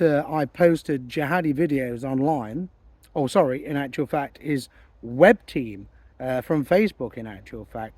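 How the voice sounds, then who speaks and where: A man's voice: fairly high pitch, a little mellow, no room sound. A man making an indignant, insistent statement as a political campaigner, repeating himself for emphasis. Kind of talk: recorded monologue statement.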